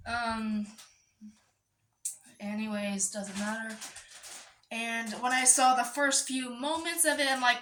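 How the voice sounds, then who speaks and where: A woman's voice: on the high side, measured pace, bright, forceful tone, reverberant. A woman vlogging in a chatty, digressive monologue, breaking off to scold her pet. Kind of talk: casual rambling monologue.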